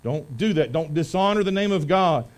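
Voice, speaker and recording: A pastor with a high, bright-sounding voice preaches to his congregation in a folksy, chatty way. He rises into loud, forceful emphasis, then drops back to quiet, offhand asides. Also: animated, normal speed, poor audio. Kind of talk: sermon. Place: church sanctuary.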